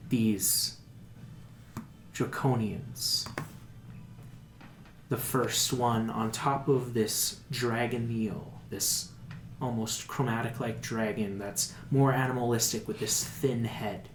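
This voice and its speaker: A man's voice: mid-range voice, fairly even intonation, slow pace, long pauses, a little hiss or hum. A man narrating a tabletop game as dungeon master, descriptive, with fillers. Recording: echoey room with background music.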